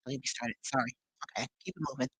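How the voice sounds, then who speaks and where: A woman's voice: rumbling low, steady tone, racing, a bit bright, slightly rough, dry recording, low-quality recording. A woman leading a live spiritual teaching, talking expressively with sassy, conversational asides.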